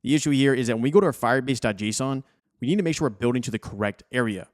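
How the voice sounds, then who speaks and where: A man's voice: medium pitch, very fast. A young adult man hosting a screen-recorded coding tutorial, casual and encouraging as he talks viewers through each step.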